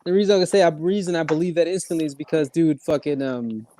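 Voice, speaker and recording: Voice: mid-range voice, quick pace, mellow. A podcast co-host from Canada, telling stories in slangy, profane casual chat and repeating "bro".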